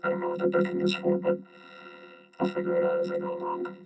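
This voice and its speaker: A low robot voice. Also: male voice, monotone, quick pace, creaky, muffled recording, over loud music, full character voice. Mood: demonstrating. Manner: offhand, demonstrating a voice changer. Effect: robot voice filter.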